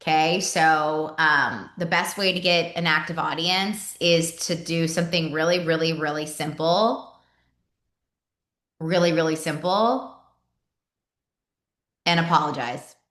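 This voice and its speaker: Bright-voiced chatty woman trainer, echoey room. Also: low voice, a little slow, pauses often. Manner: chatty, repeats words, acts out sample messages. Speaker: sales team trainer. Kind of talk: casual team training talk.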